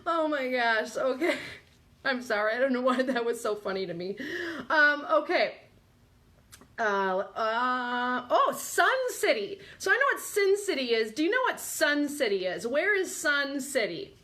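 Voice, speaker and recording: A woman hosting a live quiz show in a chatty, teasing way, often collapsing into laughter. Her voice sits high and sounds bright and crisp. She talks at an unhurried pace. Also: expressive. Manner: giggly, breaks into helpless laughing fits; chatty, quizzing listeners. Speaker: podcast host.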